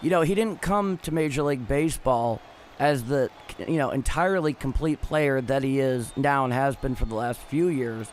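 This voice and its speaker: A man hosting a baseball livestream, talking in a measured way and reading out chat messages. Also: medium pitch, slight background noise. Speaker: host of the livestream.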